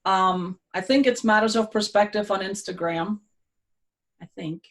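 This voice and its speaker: A woman's voice: medium pitch, unhurried. A woman guest in a casual chat, straightforward and blunt, laughing a lot.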